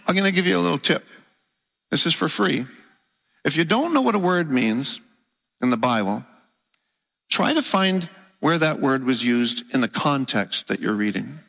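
A man preaching a teaching sermon, explaining step by step and slowing down to stress key words. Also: a little high, vocal fry, pushed and bright, in a large hall.

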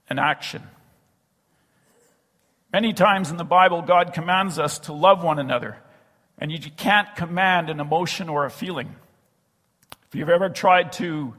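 A man preaches in a church, his fairly high voice a little husky. He slows down and sinks to a hush on the phrases that matter most. The long reverb of the sanctuary hangs behind every line. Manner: earnest, slows and drops to a hush on key phrases. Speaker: pastor. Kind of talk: sermon.

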